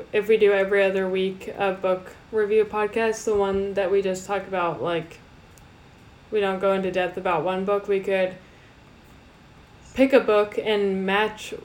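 A young woman co-hosting a casual podcast, chatty and quick to laugh, with casual swearing. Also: medium pitch. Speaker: podcast co-host. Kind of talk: casual chat.

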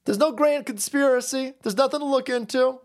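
A man's voice: extremely high pitch, fairly quick. A man hosting a livestream, ranting casually to chat, swearing constantly and laughing between stories. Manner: swears constantly, laughs often, animated storytelling. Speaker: livestream host reading chat. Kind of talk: profane casual rant.

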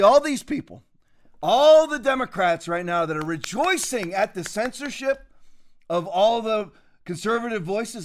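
A man hosting a commentary show, talking in a combative, mocking and preachy way. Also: high-pitched. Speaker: show host.

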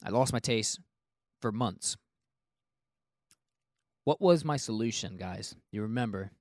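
A man's voice: on the low side, lively intonation, unhurried, darkish tone, no room sound, studio quality. A man hosting a casual podcast, rambling and joking, often restarting his sentences. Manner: rambling, self-interrupting, jokey. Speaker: podcast host.

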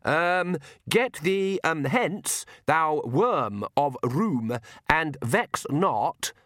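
A man's voice: on the high side, sing-song, unhurried, fairly bright tone, no room sound, clean studio sound, pitched above the performer's own voice. A man reading an audiobook, voicing a nervous, earnest young male priest who stumbles over his words with a raised voice. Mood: flustered.

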